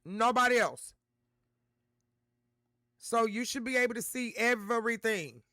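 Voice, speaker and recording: High bright-voiced man talking to chat. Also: unhurried, no echo, clean studio sound. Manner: addresses chat directly, repeats himself. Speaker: livestream host. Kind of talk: livestream chat talk.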